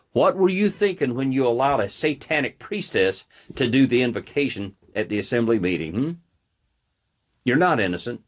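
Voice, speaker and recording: A man hosting his own show, giving a blunt, combative political commentary monologue. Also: mid-range voice. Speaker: host.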